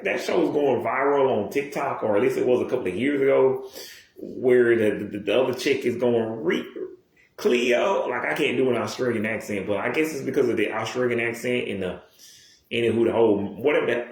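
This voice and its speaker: A man rambles to his viewers in a loose, profane monologue, jumping from one aside to the next and restarting his sentences. His voice sits at an ordinary middle pitch. The room gives it a noticeable echo. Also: expressive, brisk, vocal fry. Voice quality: profane, digressive, many restarts. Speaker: YouTuber. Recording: roomy echo.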